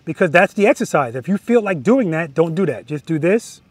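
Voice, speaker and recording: A man teaching slow-speed motorcycle skills outdoors, coaching directly and repeating key words for emphasis. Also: fairly high pitch, big pitch swings. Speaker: motorcycle riding instructor. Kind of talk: outdoor riding lesson instruction. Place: outdoor practice lot.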